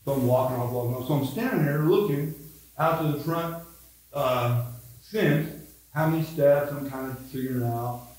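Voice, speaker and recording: Older midwestern pastor rambling thru a story, very echoey room, sounds far from the mic. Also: male voice, medium pitch, moderate pace, darkish tone. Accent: Midwestern American. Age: 70s. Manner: rambling storyteller, self-mocking. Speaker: pastor leading Bible study. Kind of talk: casual anecdotal Bible study talk. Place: church room.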